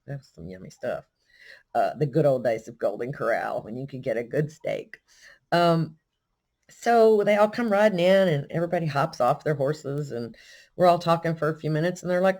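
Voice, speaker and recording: A woman's voice: deep voice, moderate pace. Folksy Texan woman telling a story. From Texas. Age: older. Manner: animated, self-deprecating, folksy. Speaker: vlogger. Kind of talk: casual storytelling.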